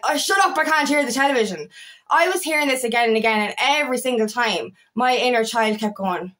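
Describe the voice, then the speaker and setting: Impassioned, swearing woman with a slightly high voice. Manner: emphatic and heavily profane, with insistent repetition. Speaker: feminine empowerment coach. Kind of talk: impassioned motivational vlog monologue.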